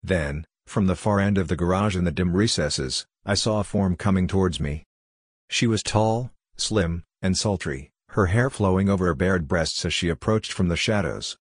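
Deep voiced guy reading a horror novel, slow and grave, dry close sound. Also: breathy edge, no room sound. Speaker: audiobook narrator. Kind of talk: first-person horror novel narration.

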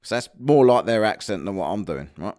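A man's voice: on the low side, animated, brisk, a little mellow. A man telling a comic, sweary rant about a holiday trip, exasperated and mocking. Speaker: vlogger.

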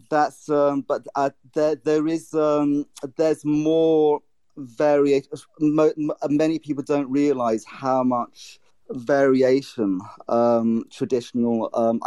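A man's voice: mid-range voice, mellow, clear, resonant tone, no room sound. A man on a video call discussing poetry, hesitant, with many ums and restarts. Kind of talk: casual discussion and poetry reading.

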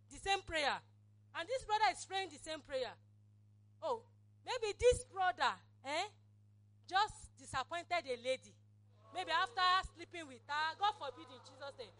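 A woman's voice: sits high, a bit bright. A woman pastor, preaching a sermon and leading an altar call with fervent, repeated exhortations. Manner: fervent, repetitive exhortation, acted prayers.

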